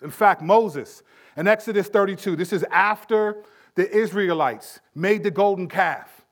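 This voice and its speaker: A man with a notably high-pitched voice teaches scripture in a relaxed, conversational sermon. He leans into emphatic phrases, then sinks his voice low and quiet when a point turns serious. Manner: conversational, emphatic, drops to hushed tones for weight. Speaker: preacher.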